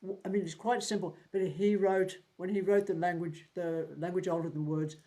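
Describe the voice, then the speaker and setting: A man's voice: high voice, little pitch movement, moderate pace, mellow. A man in his seventies teaching a tarot group in a casual, blunt way, swearing freely and repeating words while he thinks. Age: 70s.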